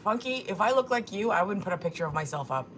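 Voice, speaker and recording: A woman from Korea, hosting a laid-back livestream, speaks fast in an expressive, mid-range voice with a fairly bright tone. She reads chat comments aloud and mocks them, sassy and full of swearing. There's a little hiss or hum.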